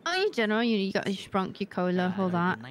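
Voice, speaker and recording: A woman's voice: medium pitch, very animated, fast, lightly acted. A woman role-playing an easygoing, helpful customer in a game, calling others darling. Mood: friendly. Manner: friendly, calls people darling.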